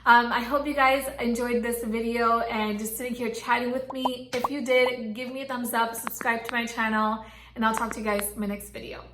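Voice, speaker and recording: A woman's voice: a little high, level tone, moderate pace, noisy background. A young pregnant woman vlogging casually to her viewers, chatty and gushing with lots of fillers. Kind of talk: casual chat to camera. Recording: echoey room.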